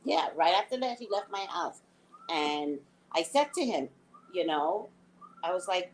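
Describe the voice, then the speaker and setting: A middle-aged woman, a psychic reader, telling a story in an animated, emphatic way during a live reading chat. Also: mid-range voice, moderate pace, slight background noise.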